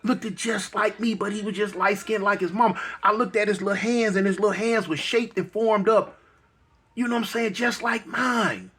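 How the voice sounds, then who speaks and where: Halting, soft-spoken man telling a story. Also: high voice, steady tone, husky. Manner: halting, repeats words, many fillers. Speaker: guest telling his life story. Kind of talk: emotional personal storytelling.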